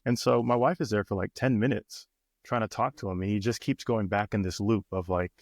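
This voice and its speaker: A man's voice: lowish voice, fairly even intonation, brisk, darkish tone, no room sound, studio quality. A man in his thirties, a personal coach and podcast co-host, telling a family story in casual chat with many restarts. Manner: storytelling, many restarts, acts out quoted voices.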